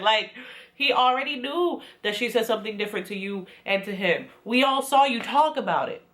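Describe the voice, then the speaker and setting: A woman's voice: on the high side, animated, brisk, fairly bright tone. A woman giving a casual, sassy recap of a reality show, chatty and full of quoted asides. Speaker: recap vlogger.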